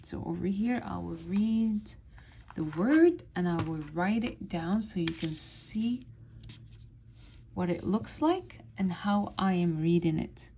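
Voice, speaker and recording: A woman teaching a beginner reading lesson, sounding out words syllable by syllable and repeating each one slowly. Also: on the low side, lively intonation, dark tone, a little hiss or hum. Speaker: Arabic teacher. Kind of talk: slow step-by-step reading lesson.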